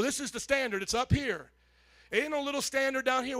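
A male pastor preaching a sermon to his congregation, animated, calling out to the audience and rising to shouts. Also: very high voice, a little fast.

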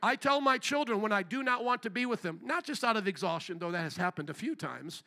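A male pastor delivers a sermon with a high, ringing voice and a bright, forceful edge. He speaks bluntly and with emphasis, driving his points home by repeating phrases. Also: lively intonation, brisk.

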